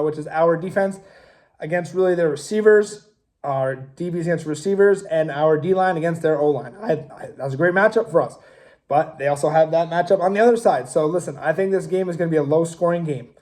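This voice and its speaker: A young man with a fairly high voice holds forth on his own show, rambling through opinionated predictions in a loose, casual manner. He circles back to his points, hedges, then commits hard. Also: darkish tone. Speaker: show host. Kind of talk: casual sports talk.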